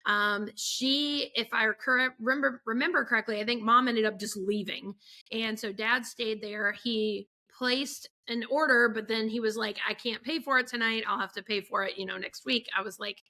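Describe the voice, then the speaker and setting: A woman's voice: fairly high pitch, fairly even intonation, moderate pace, bright, forceful tone. A woman photographer, a podcast guest, telling stories in a chatty way, full of fillers and acted-out quotes. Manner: chatty storyteller, acts out quotes, many fillers. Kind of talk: casual podcast chat.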